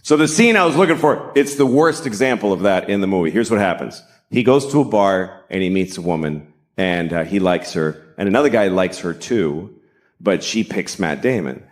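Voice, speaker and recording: Animated, profane stand-up comedian man. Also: low-pitched, moderate pace. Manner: animated, profane, sarcastic, slips into mocking voices.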